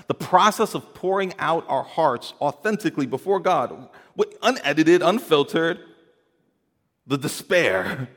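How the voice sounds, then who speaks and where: Male pastor mid-sermon, earnest and repetitive, ringing church-hall echo. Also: on the high side. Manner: earnest, swings from hushed to rising emphasis, repeats words.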